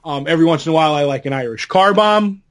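A middle-aged man with a slightly high-pitched voice co-hosts a casual podcast. He tells long, rambling anecdotes and breaks into a laugh now and then. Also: quick pace, fairly bright tone. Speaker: podcast co-host. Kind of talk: casual chat.

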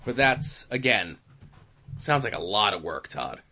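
A man's voice: lowish voice, very animated, a little slow, sharp tone, lo-fi sound. A man hosting a podcast in casual chat, trading dry, teasing banter with his co-host.

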